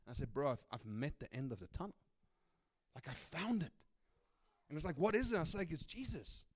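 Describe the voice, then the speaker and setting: Speaking briskly in a fairly high, slightly breathy voice, this middle-aged man from South Africa preaches as a guest, sharing personal anecdotes in a lively, chatty style and frequently asking "right?".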